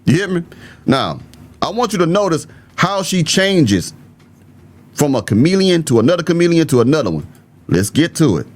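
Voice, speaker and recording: A man's voice: fairly high pitch, very animated, moderate pace, pauses often. A man from the Southern United States with a mild Southern accent, hosting an opinionated video commentary and talking bluntly and emphatically straight to his viewers. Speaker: political commentary host.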